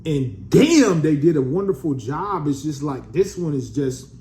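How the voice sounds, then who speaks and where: A man's voice: fairly high pitch, sing-song, measured pace, dark tone, slight background noise. A man in a casual vlog reviewing a fragrance, laid-back and slangy, calling his viewers family.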